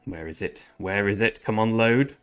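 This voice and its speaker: A man's voice: lowish voice, moderate pace, fairly bright tone, clean tone, faint music behind. A man rambling through casual commentary over his strategy game, often correcting himself mid-sentence. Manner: chatty, rambling, self-correcting. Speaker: gaming channel host.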